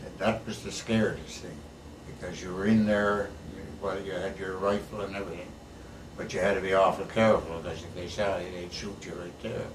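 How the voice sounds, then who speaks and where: An older war veteran, a plain-spoken storyteller, talks in a low voice at a brisk clip with little pitch movement. It's a casual storytelling interview, and he's folksy, tagging his sentences with "eh." The room is echoey, the mic is at a distance, and there's faint background hiss.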